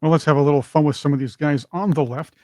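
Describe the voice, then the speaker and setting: A man with a somewhat high voice co-hosting a casual political talk show. He speaks emphatically and mockingly, often stumbling over repeated words. The recording is very dry and close. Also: fast talker, a little mellow, no room sound. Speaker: co-host.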